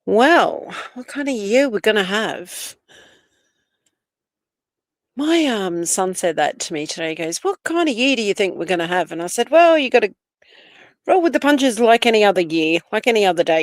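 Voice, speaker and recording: A woman's voice: mid-range voice, expressive, moderate pace, no echo. Chatty Australian woman greeting live viewers. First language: Italian. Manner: chatty, greets viewers by name, drifts between topics. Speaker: livestream host. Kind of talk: casual live chat reading comments.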